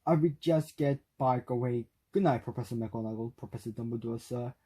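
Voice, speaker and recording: A man whose first language is Korean voicing a huge, soft-hearted male half-giant, with a stammering, sobbing delivery. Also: medium pitch, brisk, husky, close to an everyday voice. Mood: tearful.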